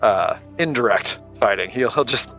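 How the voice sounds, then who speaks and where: Rambling, joking man with a lively voice. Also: mid-range voice, normal speed, faint music behind, rough recording. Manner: rambling, joking, often laughing. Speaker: tabletop game player. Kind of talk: casual chat between players.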